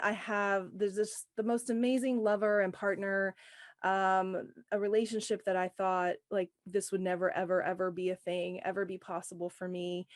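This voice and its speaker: A woman coach speaks with emphatic, down-to-earth energy as she opens a motivational masterclass. Her voice sits at a middling pitch, recorded dry with little room sound. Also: a little mellow, no room sound. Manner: emphatic, casual, earnest. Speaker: trauma recovery coach.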